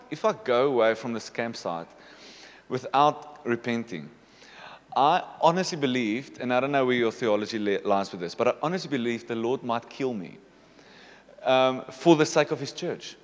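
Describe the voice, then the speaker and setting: A man's voice: medium pitch, big-room sound. A man in his thirties, a pastor giving a confessional personal testimony during a sermon, often checking in with "okay?". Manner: confessional, repeats "okay?" to the congregation. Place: church hall.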